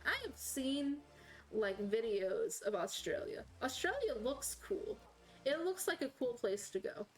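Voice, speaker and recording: A woman's voice: a little high, big pitch swings, unhurried, darkish tone, rough recording. A woman with a slight Southern US accent, chatting casually and rambling as a game streamer. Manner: rambling, self-correcting, chatty. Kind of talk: casual chat while playing.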